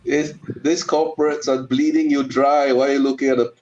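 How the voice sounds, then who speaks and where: A man's voice: medium pitch, flat delivery, brisk, a little mellow, muffled recording, slight background noise. A man with a Singaporean English accent arguing emphatically on a video call, stumbling over repeated words. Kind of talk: casual debate on a video call.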